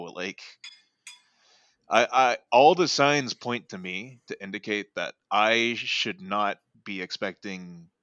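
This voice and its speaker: A man's voice: deep voice, pushed and bright, dry recording, muffled recording. A man hosting a casual sports podcast, rambling and thinking aloud with lots of fillers. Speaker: podcast host.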